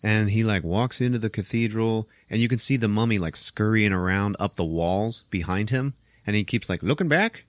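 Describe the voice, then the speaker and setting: A man hosting a podcast, casually retelling a film's plot as an animated, profane storyteller. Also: fairly low pitch, normal speed, hardly any pauses, no echo. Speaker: podcast host. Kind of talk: casual movie recap.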